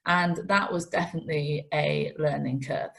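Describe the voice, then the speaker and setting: A woman, a racing TV presenter telling self-mocking, animated stories in an interview. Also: low voice, moderate pace, vocal fry. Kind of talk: interview anecdotes.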